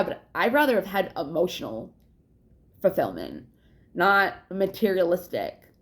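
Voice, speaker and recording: A young adult woman talking candidly in a casual personal vlog, rambling, swearing often and laughing between thoughts. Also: mid-range voice. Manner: yawns to catch her breath. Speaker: vlogger.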